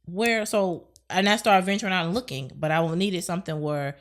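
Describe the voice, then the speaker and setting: A woman in her thirties talking as a podcast guest in a casual, animated chat, acting out her own thoughts and laughing easily. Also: fairly low pitch, normal speed.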